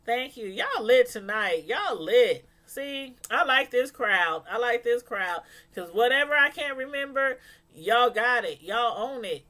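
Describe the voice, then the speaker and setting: A woman's voice: a little high, sing-song, a little slow, sharp tone. A woman chatting casually with live viewers as she reviews a TV episode, laughing often and answering the chat. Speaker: show reviewer on a live stream.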